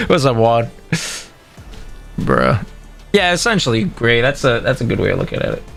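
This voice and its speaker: A man's voice: mid-range voice, measured pace, creaky, faint music behind. A man coaching on a livestream in a casual, profane way, often acting out what other players might say. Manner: animated, profane, acts out quoted players. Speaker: streamer coaching fighting games.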